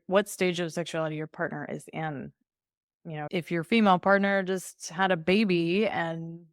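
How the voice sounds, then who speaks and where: Breezy, candid woman, lowish voice. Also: no room sound, clean studio sound. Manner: breezy and candid, laughs often, slips into playful voices. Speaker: sex coach guest. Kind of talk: conversational podcast interview.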